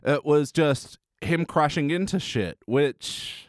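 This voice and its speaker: Lively podcast host. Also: male voice, fairly high pitch, slow, dry recording, studio quality. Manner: wry, laughs often. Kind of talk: casual podcast chat.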